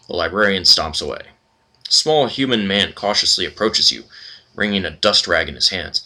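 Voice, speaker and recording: A man's voice: low-pitched, lively intonation, moderate pace, pushed and bright. A man hosting a let's play, reading game text aloud and commenting casually with wry asides.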